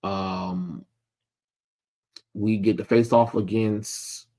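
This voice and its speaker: A man's voice: on the low side, fairly even intonation, extremely slow, a little mellow. A man casually recapping a comic book issue, rambling with lots of ums and blunt, sarcastic asides. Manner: rambling, many filler ums.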